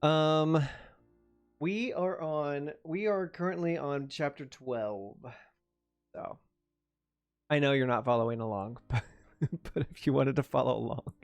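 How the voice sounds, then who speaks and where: A man's voice: on the high side, measured pace, long pauses, soft background music. Man reading a novel aloud. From United States. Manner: reads steadily, breaks off into chatty self-mocking asides. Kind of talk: reading aloud on a live stream.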